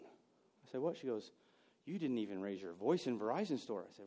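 A man preaching a sermon, telling personal stories and moving between loud bursts and hushed moments. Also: mid-range voice, big pitch swings, normal speed. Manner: storytelling, swings from loud to hushed. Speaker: pastor.

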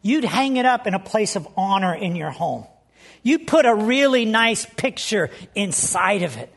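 A woman's voice: medium pitch, very animated, normal speed. A woman preaching a sermon in a conversational storytelling way, asking the congregation questions. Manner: conversational, storytelling, asks the audience. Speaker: pastor.

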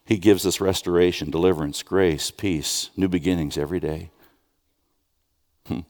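A man preaching a sermon, conversational with restarts and rhetorical questions, dropping soft and then rising with urgency. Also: low voice, steady tone, moderate pace. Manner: swings from soft, hushed lines to raised, urgent questions. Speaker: pastor.

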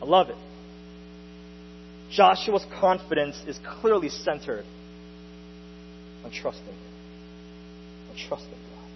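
A young man preaching a sermon in a casual, lively way, full of slang and little asides. His voice sits a bit high. It rings with long reverb through the church hall, and the recording is dull with a faint hum underneath. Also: slow, long pauses. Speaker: pastor.

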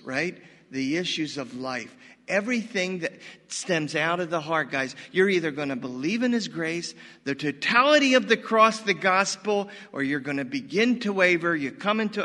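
An older man in his sixties preaches with a high, bright voice. His folksy delivery rises into sudden loud, animated bursts, and a long reverb hangs behind him as in a hall. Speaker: pastor. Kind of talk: sermon.

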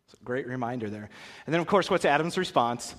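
Speaking quickly in a mid-range voice, a pastor runs an interactive Bible lesson in a large hall full of people. He is animated, voicing different characters and putting questions to the audience, with long reverb from the hall.

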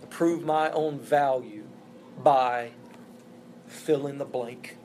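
A man's voice: mid-range voice, fairly even intonation, slow, a little mellow, a little hiss or hum. Earnest man preaching a sermon. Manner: earnest, emphatic preaching with repeated phrases. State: emotional, voice breaking. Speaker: pastor.

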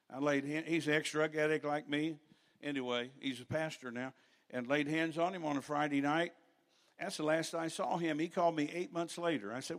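An older man preaching a sermon in a church, telling stories with rambling asides and rising to loud preaching at times. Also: fairly high pitch, normal speed.

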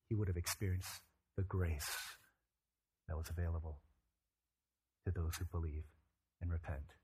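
A man preaching a sermon, moving between quiet reflection and loud, emphatic bursts. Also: low-pitched, fairly even intonation, moderate pace, pauses often, breathy edge. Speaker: pastor.

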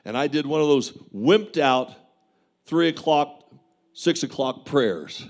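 A man delivers a sermon, his voice sitting a little higher than most men's. He tells a vivid testimony with plain, earnest conviction and preaches with passion. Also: expressive, slow. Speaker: pastor.

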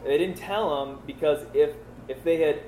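A male Bible teacher talks through scripture in a loose, conversational way, often asking "you know?" and "right?". His voice sits a little high for a man, and the recording is echoey with faint ambience behind it. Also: moderate pace, warm tone, a little hiss or hum. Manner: conversational, many fillers and rhetorical questions.

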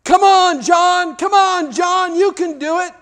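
A man voicing rowdy young boys who shout and brag during a race, in a sermon story. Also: extremely high pitch, takes it slowly, long reverb tail, voice pushed up, heavily acted. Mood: yelling. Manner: shouted child voices. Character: rowdy boys racing, loud and excited.

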